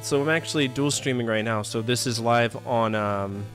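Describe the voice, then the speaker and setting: A man's voice: mid-range voice, normal speed, fairly bright tone. A man in his thirties streaming a game live, joking, complaining sarcastically and chatting with viewers. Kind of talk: live gameplay commentary. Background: faint game music.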